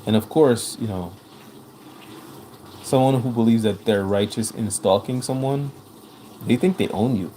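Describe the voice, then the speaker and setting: Reading out comments from viewers on his live stream, an accented man, non-native in English, replies earnestly and restates things for emphasis. He speaks in a warm, mid-range voice, unhurried and pausing often, over a low-quality recording with a little hiss or hum.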